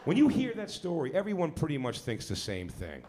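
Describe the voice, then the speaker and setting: A man on a comedy club stage with a fairly high, lively voice that sinks into deadpan for the punchlines. The crowd's laughter and room noise stay clearly audible under him. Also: brisk. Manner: deadpan, drops to a low flat tone on punchlines. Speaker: stand-up comedian. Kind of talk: stand-up comedy set. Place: comedy club stage before a live audience. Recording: live club recording with audience laughter.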